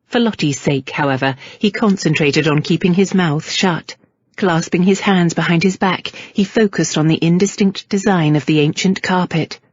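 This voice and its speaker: Woman audiobook narrator, low-pitched, husky, measured read, dull dry recording. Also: no room sound. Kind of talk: scripted narration.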